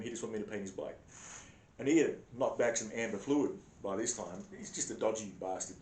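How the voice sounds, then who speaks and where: An Australian man telling a crude comedic story in a blunt, sarcastic, heavily profane way. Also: darkish tone. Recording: echoey room with faint rumble.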